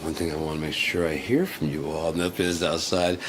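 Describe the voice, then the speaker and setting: A man's voice: a bass voice, fairly even intonation, a little fast, hardly any pauses, background noise. A man giving casual reaction commentary on a video, rambling, giggling and swearing, with music playing in the background.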